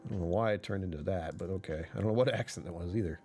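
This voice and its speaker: A man's voice: deep voice, racing, hardly any pauses, mellow, faint music behind. A man chatting casually on a livestream, rambling and correcting himself, often laughing mid-sentence.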